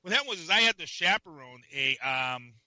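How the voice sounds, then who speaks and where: A man rants through a casual podcast chat in a very bright, forceful voice, cursing freely. His pitch sits a little high and the sound is dry and close. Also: expressive, no echo. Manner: ranting, profane, quick to laugh. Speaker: podcast co-host.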